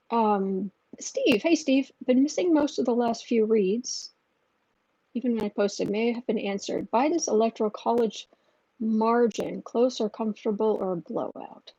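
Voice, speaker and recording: Tarot reader woman on a livestream, kinda high voice, blunt opinions, dull lo-fi sound. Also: unhurried, mellow, slightly rough, no echo. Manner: blunt, opinionated, rambling with restarts. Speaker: tarot reader and channel host. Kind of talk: livestream reading viewer questions. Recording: dull lo-fi audio.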